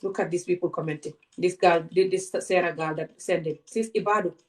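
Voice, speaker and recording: A woman's voice: on the low side, steady tone, a little fast, a little mellow. Fiery woman. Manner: passionate, confrontational, many rhetorical questions. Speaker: vlogger. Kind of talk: direct-to-camera rant.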